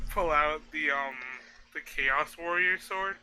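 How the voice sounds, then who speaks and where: A man playing a tabletop game, talking casually and quickly about what his character does. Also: on the high side, noisy background. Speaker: player.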